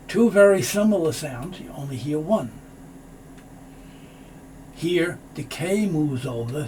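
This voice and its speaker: A man teaching English pronunciation, explaining slowly and repeating phrases to show how they sound. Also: a little high, expressive, a little mellow, a little hiss or hum. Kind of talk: pronunciation lesson.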